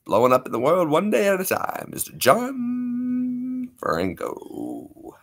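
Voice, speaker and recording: A man doing a booming radio announcer. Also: huge pitch swings, husky, heavily acted. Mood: hyped announcing. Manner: hyped, drawn-out, booming.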